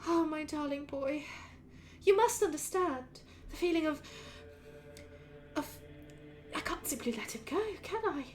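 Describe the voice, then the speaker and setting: A woman voicing an aging high elf mother who is doting, fussy and prone to sighing. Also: unhurried, pauses often. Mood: pleading. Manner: sighing, fretful, prim politeness.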